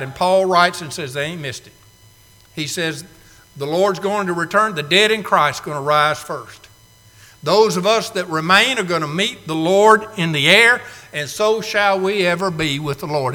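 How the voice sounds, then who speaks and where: A man preaching a folksy sermon to a congregation, swinging from loud declarations to hushed asides. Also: fairly high pitch. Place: church sanctuary. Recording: long reverb of a church hall.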